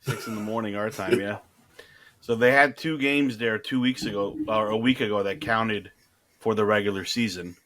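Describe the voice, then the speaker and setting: A man's voice: fairly low pitch, moderate pace. Laid-back man chatting sports. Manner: relaxed, rambling explanations with frequent restarts. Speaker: podcast co-host. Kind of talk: casual sports chat.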